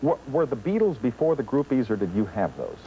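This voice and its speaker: A man hosting a television talk show, asking probing questions in a deliberate, good-humoured way. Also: mid-range voice, wildly swooping pitch, mellow, slight background noise, poor audio. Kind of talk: late night television interview. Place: television studio.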